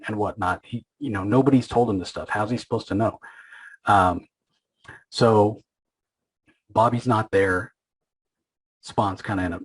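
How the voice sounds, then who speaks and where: A man hosting a comic book podcast, casually recapping an issue and retelling its scenes with quick acted-out quotes, often pausing on fillers and restarts. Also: on the low side, husky, rough recording.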